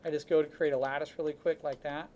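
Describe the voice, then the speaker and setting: A man teaching a 3D modeling class, talking casually through each step of a software demonstration with chatty asides. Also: a little high, little pitch movement, fast talker, lo-fi sound, a little hiss or hum. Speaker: 3D modeling instructor. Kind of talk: live software demonstration lesson.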